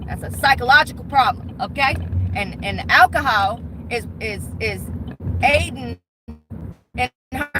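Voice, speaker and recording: A woman's voice: on the high side, animated, a little slow, noisy background. A woman who works as a bartender, venting bluntly with lots of swearing in a casual vlog.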